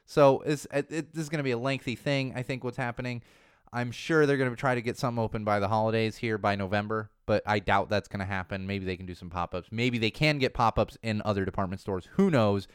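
Podcast host, thirties, male, rambling casual delivery, smooth voice, dry close sound. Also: lowish voice, fast talker, dry recording. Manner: rambling, lots of fillers and restarts. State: slightly losing his voice.

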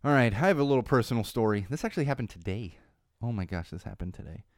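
In a dry, studio-quality recording, a podcast host based in Los Angeles talks fast and animatedly in a mid-range voice. His loose, casual monologue gradually builds into an indignant rant.

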